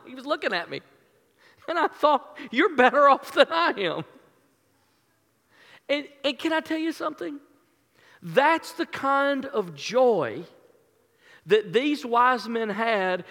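A man's voice: very high voice, sharp tone, in a large hall. A male pastor telling an earnest, emotional story in a sermon, with many restarts.

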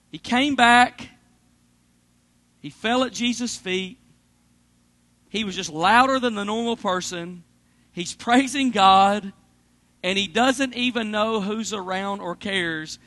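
Brief: high-pitched man preaching, lively, dynamic swings. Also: takes it slowly, long pauses. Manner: animated preaching, swings between loud and hushed. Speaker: pastor. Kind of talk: sermon.

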